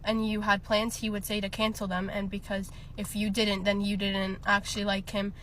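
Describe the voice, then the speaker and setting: A woman's voice: medium pitch, completely flat delivery, normal speed, a bit bright, slight background noise. A young woman telling a personal story in a casual storytime, chatty, laughing often and filling with lots of ums and likes.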